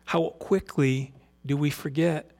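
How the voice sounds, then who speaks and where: A middle-aged male pastor with a voice pitched a little above the usual, preaching in a relaxed, conversational way. He moves between reading scripture aloud and earnest, folksy commentary. He often puts rhetorical questions to the congregation. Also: slow pace, gravelly.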